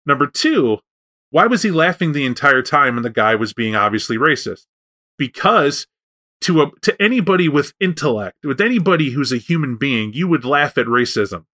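Guy rambling on a podcast about tabletop games, bright forward voice, keeps restarting his sentences. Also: mid-range voice, moderate pace. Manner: rambling, restarts, animated storytelling. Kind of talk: casual chat about tabletop role-playing.

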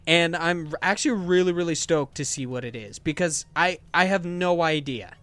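A man hosts a podcast in casual, enthusiastic chat. His voice sits a little high, and he drifts through fillers and restarts as he talks. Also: normal speed, fairly bright tone. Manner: chatty, enthusiastic, many fillers. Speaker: podcast host.

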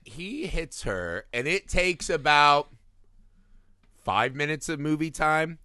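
Male podcast co-host, high-ish bright voice, profane comic movie rant, dry close mic. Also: takes it slowly, no echo. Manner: profane, animated, acts out characters' lines. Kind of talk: casual comedic movie review chat.

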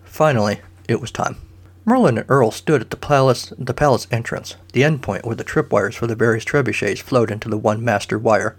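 A man narrating a comic story with dry, deadpan asides. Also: medium pitch, brisk, husky.

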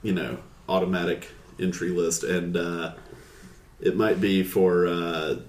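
A man with a very low voice co-hosts a casual chat podcast. He jokes in a dry way. His voice echoes in the room. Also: steady tone, slow pace, slight background noise. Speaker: podcast co-host.

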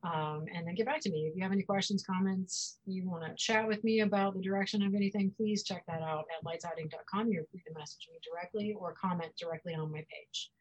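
A woman author reading her own fantasy novel aloud in a measured storytelling manner. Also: fairly low pitch, steady tone, rough recording.

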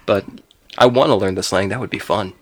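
A man's voice: lowish voice, brisk, dry recording. A man co-hosting a podcast, chatting casually in a loose, rambling way with plenty of swearing and laughter. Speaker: podcast co-host. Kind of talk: casual chat.

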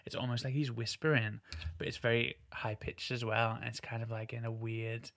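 Male podcast host, casual rambling chat, gravelly and flat delivery, dry sound. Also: medium pitch, moderate pace, dry recording. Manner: enthusiastic, rambling with many "like"s.

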